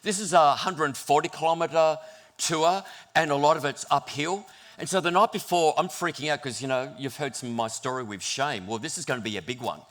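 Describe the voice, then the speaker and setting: A middle-aged man, a pastor preaching a sermon in church, telling stories in an animated, self-deprecating way. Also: a little high, fairly quick.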